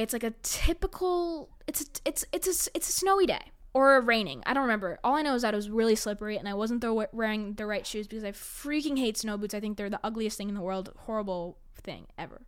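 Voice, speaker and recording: A young New York woman with a slightly high, clear and resonant voice tells personal stories as a casual monologue. She's chatty and dramatic, laughing often and saying "like" a lot.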